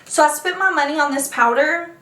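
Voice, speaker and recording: A woman's voice: high voice, a little fast, bright, forceful tone, reverberant, distant mic. A woman vlogging about makeup, chatting animatedly and playing out her own reactions. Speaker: beauty vlogger. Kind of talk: casual makeup review. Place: makeup room at home.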